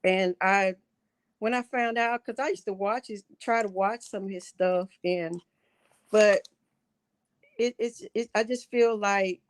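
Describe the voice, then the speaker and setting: A middle-aged woman calling in to a livestream talk show, speaking earnestly and haltingly, often repeating herself. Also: medium pitch. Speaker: caller.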